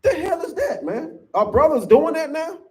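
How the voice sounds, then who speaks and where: Animated high-voiced preacher man. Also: normal speed. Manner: emphatic, preachy, peppers lines with "man". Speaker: Sabbath class teacher. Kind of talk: fiery scripture teaching.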